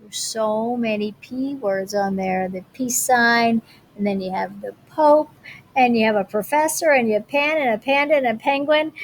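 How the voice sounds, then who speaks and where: Chatty woman teaching, slightly high voice. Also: slight background noise. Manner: chatty and animated, slows down to read alliterative lines. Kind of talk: reading aloud and teaching a lesson.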